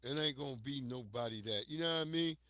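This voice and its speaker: An American man hosting a livestream, telling stories in a casual, profane, animated way to his viewers. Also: mid-range voice, fast, dry recording. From United States. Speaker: livestream host.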